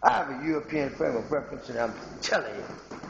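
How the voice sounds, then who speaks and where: Gravelly man ranting in an echoey room. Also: mid-range voice, fairly quick, dull audio, slight background noise. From Haiti. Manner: rambling, confrontational, addresses viewers directly. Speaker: video blogger. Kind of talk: ranting monologue to camera.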